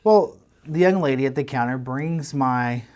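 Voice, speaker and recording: A man, co-hosting a podcast and telling a long story in a casual, animated way with lots of restarts. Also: mid-range voice, moderate pace. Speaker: podcast co-host. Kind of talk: casual chat.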